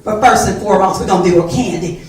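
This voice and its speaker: A woman playing a loud, boastful older church mother who scolds everyone and calls them baby, in a one-woman stage comedy. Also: mid-range voice, quick pace, close to an everyday voice. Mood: scolding. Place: theater stage, live. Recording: echoey stage from far off.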